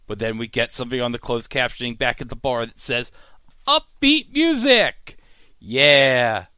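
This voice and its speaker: A man hosting a podcast, recapping a TV episode with animated, mock-incredulous outbursts. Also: medium pitch, quick pace, no echo. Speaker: podcast host.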